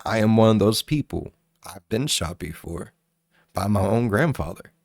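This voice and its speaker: Deep-voiced man telling stories, dry sound. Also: moderate pace, gravelly, dry recording. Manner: profane, rambling and animated. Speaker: reaction video host. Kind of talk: casual storytelling commentary.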